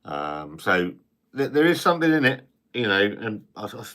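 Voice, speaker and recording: A man's voice: on the low side, big pitch swings, normal speed, bright, forceful tone. A man hosting a casual live stream, chatting, reading viewer comments, and rambling with frequent restarts and the odd swear word.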